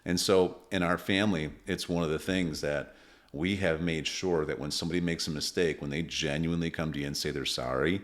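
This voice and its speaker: An earnest man with an extremely deep, low voice co-hosts a casual podcast conversation. He tells stories at length and often stops to restart a sentence. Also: fairly even intonation, brisk. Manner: earnest, storytelling with frequent restarts. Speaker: parenting podcast co-host.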